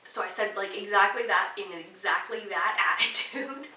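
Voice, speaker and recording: Young woman from toronto ranting on her podcast, swears a ton, bright sharp voice, echoey room kinda far from the mic. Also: mid-range voice, normal speed. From Toronto, Canada. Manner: profane, animated, sassy. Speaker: podcast host. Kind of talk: casual storytelling monologue.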